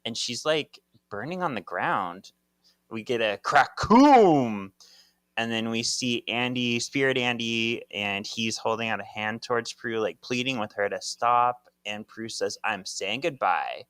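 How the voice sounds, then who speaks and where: A man's voice: medium pitch, a little slow, fairly bright tone, clean tone, dry recording. A man co-hosting a podcast, chatting casually about a comic's plot in a nerdy, jokey way and trying out character voices. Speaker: podcast co-host. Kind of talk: casual chat retelling a comic.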